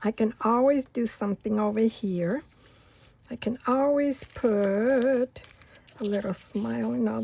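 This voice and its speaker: A middle-aged woman hosting a crafting video, chatting unhurriedly and rambling through a story while she works, sometimes going soft and near-whispery. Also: a little high, creaky, slightly rough. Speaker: craft channel host. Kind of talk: casual crafting tutorial chat.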